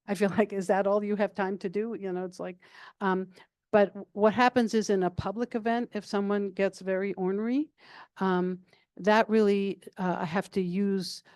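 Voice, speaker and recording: An older retired woman, a guest speaker answering audience questions in a calm, level, chatty way with many fillers. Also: medium pitch, normal speed, clean tone, dry recording, clean studio sound. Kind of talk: casual Q&A answers.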